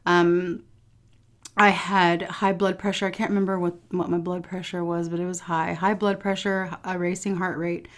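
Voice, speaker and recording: A young woman vlogger telling a personal story to her viewers in a casual, chatty way, swearing now and then and laughing. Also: lowish voice. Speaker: food vlogger.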